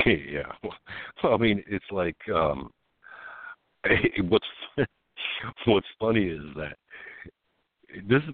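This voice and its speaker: A man with a deep voice that swings widely in pitch, co-hosting a political talk radio show. He tells stories in an animated way and laughs as he goes. His voice comes through a narrow, phone-like line with no room sound. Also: extremely slow, long pauses, no room sound.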